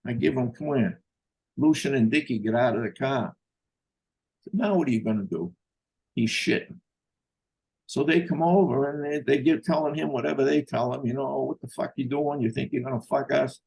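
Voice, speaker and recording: A man's voice: medium pitch, steady tone, moderate pace, vocal fry, darkish tone, husky. An older man telling a personal story in a blunt, profane way, acting out the voices of the people he quotes. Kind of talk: casual storytelling.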